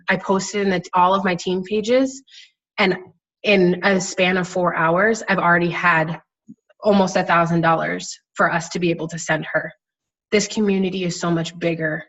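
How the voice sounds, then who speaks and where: A pregnant young adult woman, close to tears, gives an earnest, emphatic motivational talk as a guest network-marketing coach over a video call from a friend's house. Her voice is lowish and the recording is rough.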